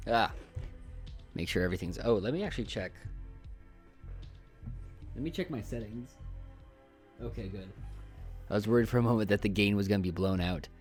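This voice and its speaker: A man's voice: lowish voice, normal speed, long pauses, faint music behind. Chatty man streaming a game. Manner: chatty, jokey, thinks aloud while playing. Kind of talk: casual live game commentary.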